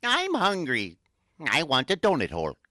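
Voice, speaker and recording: A man's voice: on the high side, wildly swooping pitch, normal speed, sharp tone, no echo. A man playing a grumpy pirate in a comedy skit, growling his lines.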